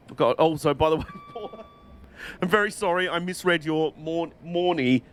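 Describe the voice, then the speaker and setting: A man's voice: a little high, huge pitch swings, moderate pace. Chatty man streaming a game. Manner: chatty, dry, sweary banter. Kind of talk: casual live-stream chat while gaming.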